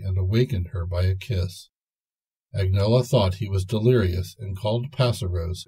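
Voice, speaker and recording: An older man reading a fairy tale aloud as a storyteller, in a slow, gentle manner. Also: fairly low pitch, breathy edge.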